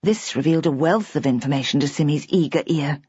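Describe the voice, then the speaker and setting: A woman narrating an audiobook mystery with measured, expressive storytelling. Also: sits low, breathy edge, dry recording. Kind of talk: scripted narration. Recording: dull, dry lo-fi audiobook recording.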